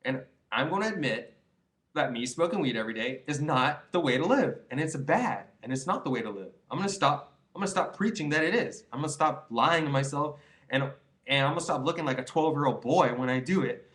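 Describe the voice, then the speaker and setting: A man's voice: a little high, expressive, brisk, fairly bright tone. Earnest rambling young man vlogging. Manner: rambling, earnest, preachy, many restarts and "you know". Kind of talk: casual advice monologue to camera.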